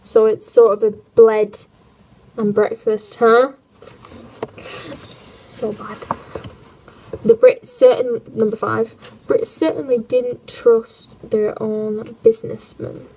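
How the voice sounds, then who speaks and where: Woman livestreamer, reading history with punning asides, fairly high voice, unhurried delivery. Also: little pitch movement, warm tone, rough recording. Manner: jokey, punning, wry asides.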